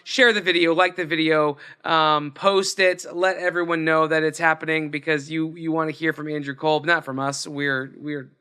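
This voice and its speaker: A man's voice: fairly high pitch, flat delivery, moderate pace, few pauses, pushed and bright, smooth. A man co-hosting a podcast, reading the outro plugs in an upbeat, jokey way and bantering with his co-hosts. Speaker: podcast co-host. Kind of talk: casual podcast chat.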